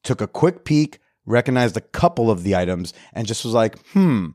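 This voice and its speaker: A man's voice: fairly low pitch, expressive, a little fast, darkish tone, dry recording, clean studio sound. A man hosting a podcast, telling a story in a candid, self-reflective way and swearing casually. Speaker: podcast host.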